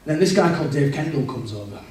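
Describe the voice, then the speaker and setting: A man's voice: a little high, expressive, fast, a little mellow, a little hiss or hum. Man giving an earnest testimony in an echoey church. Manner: earnest, reflective storytelling. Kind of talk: personal testimony. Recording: echoey church room, mic at a distance.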